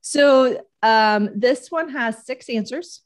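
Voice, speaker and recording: A woman's voice: on the high side, takes it slowly. A woman co-hosting a casual chat show, teasingly reading out quiz questions and scoring her partner's guesses. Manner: playful, teasing, reads out game questions. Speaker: co-host running a quiz game.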